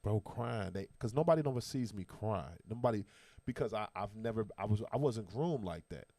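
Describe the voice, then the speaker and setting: Man, somewhat low voice, casual host chat, emphatic slang, dry close sound. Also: fairly quick, no echo. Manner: animated, emphatic storytelling with slang. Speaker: podcast host.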